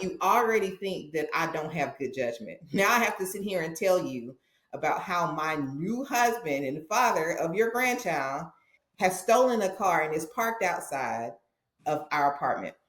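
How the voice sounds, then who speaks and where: Animated woman storyteller, roomy echo. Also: lowish voice. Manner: animated, acts out dialogue in her stories. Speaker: podcast guest, therapist. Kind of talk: personal storytelling in an interview.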